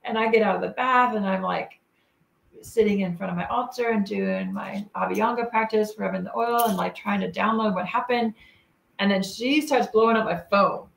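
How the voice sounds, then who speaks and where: A woman's voice: mid-range voice, expressive, normal speed, vocal fry. A woman telling a personal story in a casual, earnest way, quoting her own thoughts. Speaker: co-host telling a shared story. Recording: echoey room.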